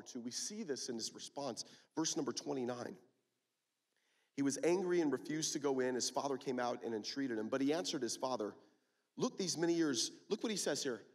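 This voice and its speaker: A man preaching a sermon at a youth conference, emphatic and full of rhetorical questions. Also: medium pitch.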